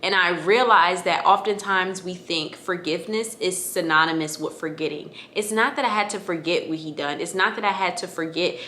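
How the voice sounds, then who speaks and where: A woman's voice: fairly low pitch, moderate pace, hardly any pauses, pushed and bright, a little hiss or hum. Emotional young woman telling a personal story. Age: 20s. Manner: casual and emotional, many fillers like "like" and "y'all". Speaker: vlogger.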